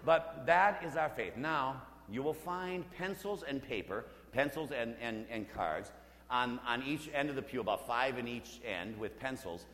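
A Catholic priest in his fifties giving a conversational, humorous storytelling sermon, dropping to a hush for emphasis. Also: medium pitch, expressive, a little slow. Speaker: Catholic priest leading a parish mission. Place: church. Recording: roomy church with long reverb.

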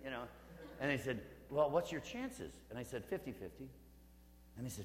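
A Catholic priest in his fifties giving a conversational, humorous storytelling sermon, dropping to a hush for emphasis. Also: mid-range voice, big pitch swings, fairly quick. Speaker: Catholic priest leading a parish mission. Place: church. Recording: roomy church with long reverb.

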